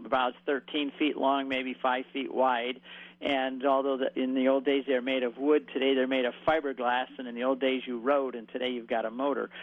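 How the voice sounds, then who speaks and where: A man telling a vivid story as a radio guest, acting out voices in quoted speech. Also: medium pitch. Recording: dry, phone-like radio line.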